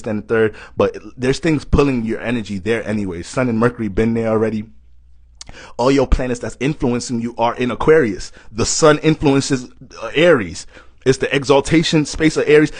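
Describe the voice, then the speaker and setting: A young man talks through an astrology reading in a loose, animated way, cracking jokes and swearing freely. He sounds run down from too little sleep, and his voice sits in an ordinary middle range. The sound is dry and close, with no room in it. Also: mid-range voice, no echo. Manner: animated, joking, swears a lot. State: tired, short on sleep. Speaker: astrology reader. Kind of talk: casual astrology talk.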